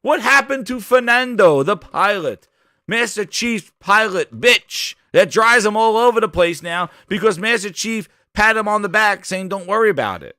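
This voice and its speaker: Male stream host, loose and profane, rambling chat; bit higher voice, dry close mic. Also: expressive, normal speed, sharp tone, no echo. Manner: rambling, profane, breaks into joking singing. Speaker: podcast host. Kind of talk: casual livestream chat.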